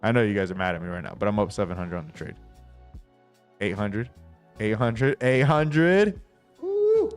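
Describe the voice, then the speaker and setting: A man's voice: lowish voice, darkish tone. A young man hosting a trading livestream, talking brashly to his chat, swearing often and hyping himself up.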